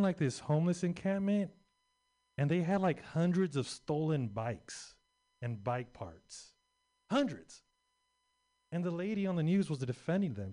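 A man's voice: a little high, dark tone. A young adult man doing a stand-up set, rambling and crude with lots of filler words. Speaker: stand-up comedian.

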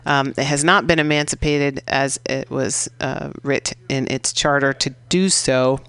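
A woman's voice: extremely low pitch, steady tone, unhurried, fairly bright tone, clean tone, no room sound. A woman hosting a community radio show, recapping past guests in a chatty, rambling way with lots of fillers. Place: radio studio.

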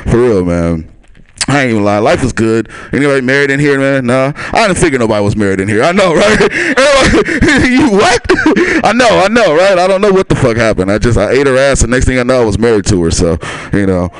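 Lively chuckling stand-up comic, dry mic. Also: male voice, medium pitch, brisk, dry recording. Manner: loose, chuckling, talks to the crowd. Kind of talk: stand-up comedy set. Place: small comedy club stage.

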